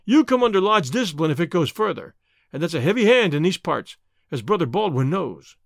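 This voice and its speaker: A man's voice: fairly high pitch, very animated, a little fast, gravelly, no room sound, studio quality. A man doing a domineering, blustering lodge boss. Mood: commanding. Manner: loud, commanding, switches to hearty bluster. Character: burly domineering male lodge boss, bluff and menacing.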